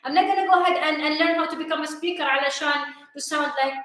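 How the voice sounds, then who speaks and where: A woman's voice: sits high, fairly even intonation, racing, pushed and bright. A woman co-hosting a live motivational talk, speaking English with an Arabic accent and hammering her points home with repeated questions. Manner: emphatic, repeats questions for stress. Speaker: co-host, coach. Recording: very echoey room.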